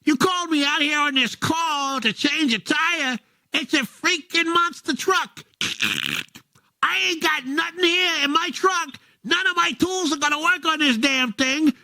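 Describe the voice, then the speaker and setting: A man's voice: extremely high pitch, measured pace, no room sound, pitched above the performer's own voice, exaggerated voice. A man voicing an exasperated male tow truck driver who rants at his dispatcher that he cannot handle the job. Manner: ranting, fed up, shouting at dispatch.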